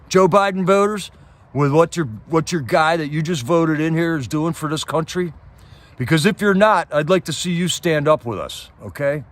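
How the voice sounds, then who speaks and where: A man hosting a livestream, ranting about politics in a casual, impassioned way and firing off rhetorical questions while answering his chat. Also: a little high. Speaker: livestream host reading chat.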